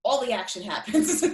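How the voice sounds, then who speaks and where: A woman hosting a podcast in casual chat, easygoing and quick to laugh. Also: fairly high pitch, noisy background. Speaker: podcast host. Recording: echoey room.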